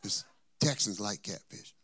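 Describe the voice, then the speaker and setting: A man preaching as a pastor, telling a story, moving between quiet asides and emphatic points. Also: on the low side, measured pace. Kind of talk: sermon with personal storytelling.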